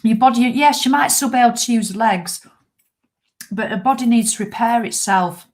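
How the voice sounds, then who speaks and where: A middle-aged woman, a fitness vlogger, chatting casually to viewers in a blunt, animated way with the odd swear word. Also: a little high, normal speed.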